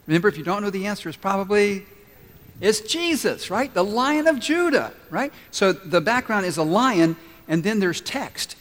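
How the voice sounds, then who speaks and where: A man preaching a sermon as pastor, earnest and building to emphatic repeated lines before softening into prayer. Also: sits high, sing-song, normal speed, in a large hall. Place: church sanctuary.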